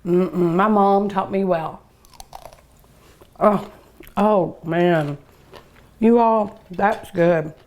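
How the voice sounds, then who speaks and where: A woman's voice: on the low side, drawn-out words, long pauses, darkish tone, a little hiss or hum. An older woman with a Kentucky Southern accent, hosting a cooking show and gushing over each dish as she tastes it, humming and sighing between bites. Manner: savoring, gushing over each bite with hums and sighs. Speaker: cooking show host and restaurant owner. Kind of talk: food tasting show.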